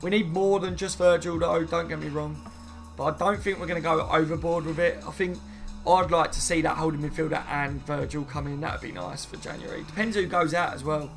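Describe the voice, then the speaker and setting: Guy on a laid back live stream, gravelly voice, bit high, reads chat out and answers. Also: fairly even intonation, brisk, soft background music. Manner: chatty, reads viewer comments aloud and answers them. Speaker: fan channel host.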